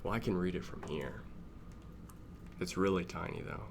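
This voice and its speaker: Male vlogger, low and gravelly, close-mic, chatty self-aware theorizing. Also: moderate pace, slight background noise. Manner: chatty, thinks aloud, laughs at himself. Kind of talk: casual reaction commentary. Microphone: sitting close to the mic.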